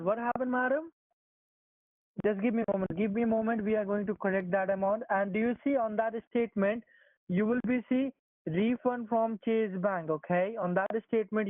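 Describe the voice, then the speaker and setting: A man's voice: sits high, fairly even intonation, fairly quick, no room sound. A man on a phone call, insistent and repetitive, speaking in broken English. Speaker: phone scammer.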